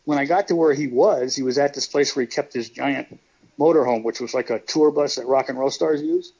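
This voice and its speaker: Gravelly guest, husky and rambling, profane storyteller on a dull lo-fi line. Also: male voice, medium pitch, fairly quick, a little mellow. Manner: rambling, profane, laughing as he tells stories. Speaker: guest, retired pro wrestler. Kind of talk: casual storytelling interview.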